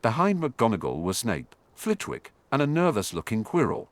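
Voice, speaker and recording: A man narrating a fantasy audiobook in a dramatic, animated way. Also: medium pitch, normal speed, dry recording.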